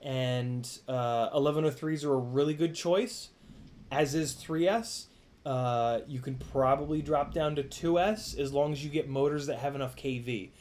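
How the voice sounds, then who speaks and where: A young man hosts a casual live stream, reading out donations and thanking viewers while rambling with lots of fillers and restarts and swearing now and then. His mid-range voice has a darkish tone at normal speed.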